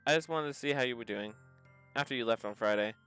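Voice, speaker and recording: A man reading the lines of a gloomy teenage girl who admits her sadness, in a soft, subdued voice pitched below his own. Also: fast, faint music behind, lightly acted. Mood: despairing. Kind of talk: reading visual novel dialogue aloud.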